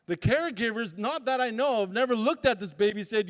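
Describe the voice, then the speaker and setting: A man's voice: sits high, animated, fairly quick, hardly any pauses. A man giving a motivational talk as a summit speaker. He tells stories and acts out voices and sounds. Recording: reverberant hall.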